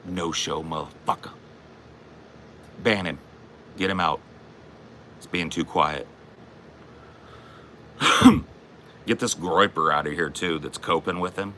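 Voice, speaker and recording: A man's voice: sits low, slow pace, long pauses, bright, forceful tone, a little hiss or hum. A man hosting a comedy show, taunting and profanely ranting in an aggressive, confrontational way. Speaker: comedy podcast host. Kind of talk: aggressive comic rant.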